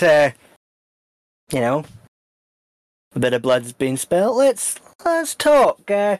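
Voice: medium pitch, no room sound. Player doing a female adventurer, menacing, mock-friendly, swearing, dry close sound.

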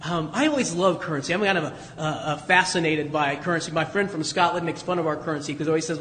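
A man from the United States preaching a sermon in a relaxed, conversational storytelling way, chuckling now and then. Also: fairly high pitch, quick pace, hardly any pauses, in a large hall, slight background noise. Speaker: pastor.

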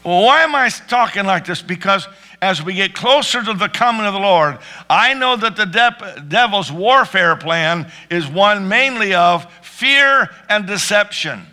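A man's voice: sits high, lively intonation, a little slow, sharp tone. A man preaching a sermon with rising fervor, calling out to his congregation and breaking into prayer. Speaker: pastor.

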